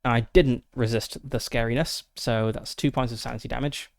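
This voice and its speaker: Gravelly man narrating a solo tabletop game. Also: medium pitch, steady tone, moderate pace. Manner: methodical, thinks aloud with frequent fillers. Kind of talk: casual narration of dice rolls and rules.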